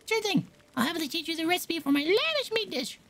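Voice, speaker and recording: A woman voicing a fussy, proud young woman cook in a video game, reading her lines aloud in a high, chirpy, indignant voice. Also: big pitch swings, a little fast, fairly bright tone, faint music behind, exaggerated voice.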